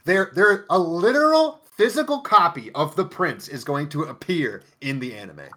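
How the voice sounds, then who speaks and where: Sardonic young male co-host, lively pitch, bright tone, swears casually. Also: normal speed. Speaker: podcast co-host. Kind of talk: casual chat.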